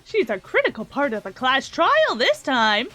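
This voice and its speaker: A woman's voice: high-pitched, wildly swooping pitch, moderate pace, fairly bright tone, soft background music. A young woman playing a visual novel, reading its lines aloud with bubbly, giggly energy and silly character voices. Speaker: let's play streamer.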